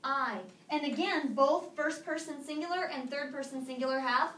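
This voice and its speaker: High-voiced woman teaching a class. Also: moderate pace, a bit bright. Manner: drills students, mixes English and Spanish prompts. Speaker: high school Spanish teacher. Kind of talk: classroom lesson with call-and-response drills. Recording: echoey classroom from far off, faint noise.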